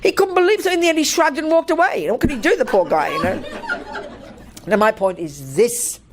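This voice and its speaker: Older woman, Buddhist nun, dharma talk, blunt, animated, expressive pitch. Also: a little fast, noisy background. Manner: blunt, animated, laughs through anecdotes.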